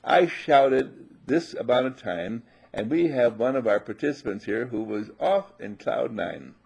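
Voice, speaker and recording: An older man giving a sermon as a spiritual teacher, emphatic and animated, repeating his phrases and sometimes shouting. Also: mid-range voice, normal speed, gravelly, husky.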